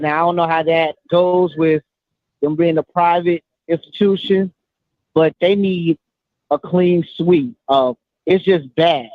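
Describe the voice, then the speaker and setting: A man's voice: fairly high pitch, no room sound. A man calling into a show, making his point emphatically and repeating himself. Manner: repetitive, emphatic. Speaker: caller. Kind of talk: call-in opinion. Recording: tinny phone line.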